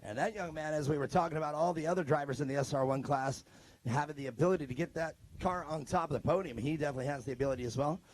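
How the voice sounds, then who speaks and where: A man's voice: on the high side, rapid-fire, darkish tone, no room sound. A man doing live trackside announcing at an outdoor race, joking and chatting with drivers and crews into a handheld mic.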